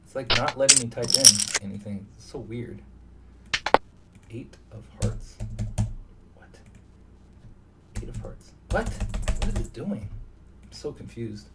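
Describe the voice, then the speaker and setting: A man's voice: mid-range voice, slow, long pauses. A man giving live commentary on his own online poker session, thinking aloud and muttering to himself at his computer. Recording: distant mic with steady background noise.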